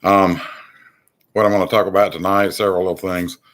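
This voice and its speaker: A man's voice: sits low, flat delivery, a little fast, a bit bright. A man hosting a political commentary monologue, rambling and exasperated, with many ums and restarts. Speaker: channel host.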